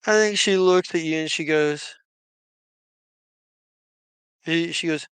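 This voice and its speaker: A man running a tabletop game as game master, narrating in a halting way with many restarts. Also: on the high side, a bit bright, clean tone, dry recording.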